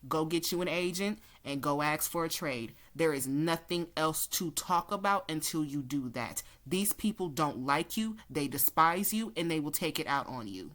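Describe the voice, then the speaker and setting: Tarot reader, woman, lowish bright forceful voice, blunt profane ranting. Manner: blunt, heated, cussing freely.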